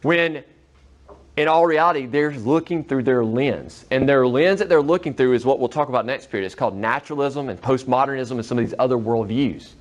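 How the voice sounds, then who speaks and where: A man's voice: medium pitch, fairly quick. A man giving a classroom lecture in a conversational way, often checking in with his students. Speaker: teacher.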